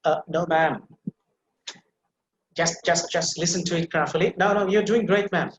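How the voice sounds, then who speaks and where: A man teaching English pronunciation in an online class, patiently repeating words slowly so a student can copy them. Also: on the high side, steady tone, lo-fi sound. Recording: echoey room with faint noise.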